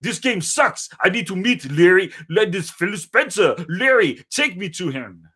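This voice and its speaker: A man's voice: high-pitched, lively intonation, unhurried, breathy edge, exaggerated voice. A man doing a crude, rambling action star. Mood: cocky grumbling. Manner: rambling, crude, bursts into shouting and sing-song. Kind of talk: comedic parody interview.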